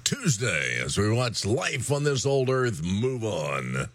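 A man's voice: lowish voice, huge pitch swings, takes it slowly, dry recording, clean studio sound. A male radio host closing his program with earnest thanks and a sign-off. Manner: warm, earnest closing words.

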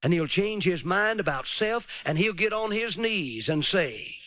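Preacher guy, high voice, real dry close sound, hammering each point. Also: expressive, bright, forceful tone, dry recording. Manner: emphatic, drawn-out pauses, calls for amens. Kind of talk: revival sermon.

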